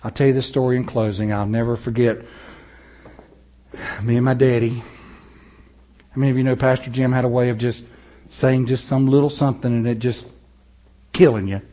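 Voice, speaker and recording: A man preaching a sermon, moving between loud, rising passages and low, slow, soft ones, chuckling often. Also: fairly even intonation. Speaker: pastor.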